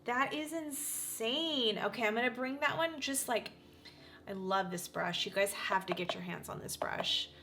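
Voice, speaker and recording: A woman in her forties gushing through a casual makeup tutorial, talking straight to her viewers with frequent excited exclamations. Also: mid-range voice, normal speed, gravelly. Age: 40s. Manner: gushing, animated, exclaims often. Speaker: beauty vlogger.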